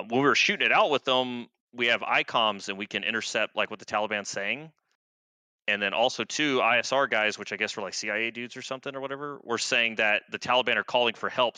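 A man's voice: lowish voice, fairly quick, pushed and bright, dry recording. A man in his thirties, an army veteran guest, telling war stories in a laid-back, profane, rambling way with lots of fillers. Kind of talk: casual war storytelling.

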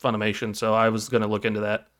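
A man's voice: fairly low pitch, completely flat delivery, racing, a bit bright. A man co-hosting a casual podcast, talking hesitantly about shows and often correcting himself. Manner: hesitant, with frequent ums and self-corrections. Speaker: podcast co-host. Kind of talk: casual chat.

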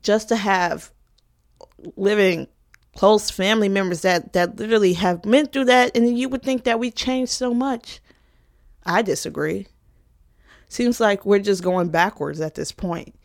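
A woman's voice: mid-range voice, unhurried. A woman in her twenties, a college student, talking frankly and emotionally to the camera in a casual vlog, with plenty of profanity. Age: 20s. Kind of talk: candid personal vlog talk.

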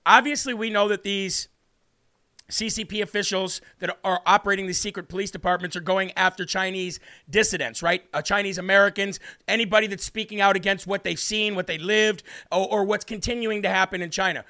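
A man hosting a political talk show, questioning his guest in an emphatic, forceful way. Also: high voice, fairly even intonation, brisk. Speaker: host.

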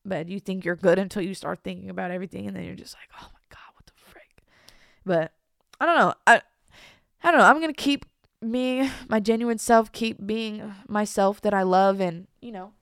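A young woman talking casually and confessionally as a vlogger, halting and trailing off, soft and downcast, at times almost whispering. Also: medium pitch, creaky, smooth, no room sound, clean studio sound. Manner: halting, trails off, many restarts and fillers.

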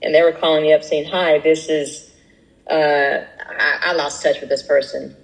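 A woman co-hosting a casual podcast, telling animated stories and acting out quoted voices. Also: deep voice, normal speed, creaky, low-quality recording. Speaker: podcast co-host. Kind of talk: casual chat, storytelling.

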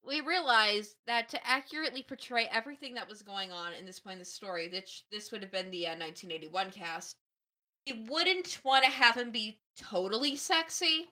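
A woman co-hosting a podcast in casual chat, joking in a playful, deadpan way. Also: on the high side, a little fast. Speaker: podcast co-host.

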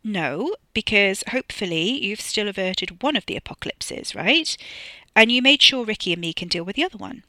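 A narrator voicing a forceful, bossy young woman in an audiobook, speaking loudly and emphatically. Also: lively intonation, moderate pace, no echo. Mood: matter-of-fact. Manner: loud and emphatic, raised pitch. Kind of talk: audiobook character voice.

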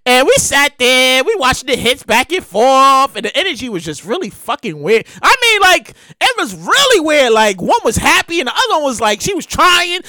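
A man giving excitable, slangy, casual commentary, often loud and drawn out on exclamations. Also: extremely high pitch, dry recording.

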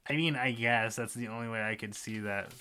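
A man's voice: on the low side, a little fast, sharp tone, a little hiss or hum. A man co-hosting a casual podcast, agreeable and hesitant, with many fillers. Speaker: podcast co-host. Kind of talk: casual chat.

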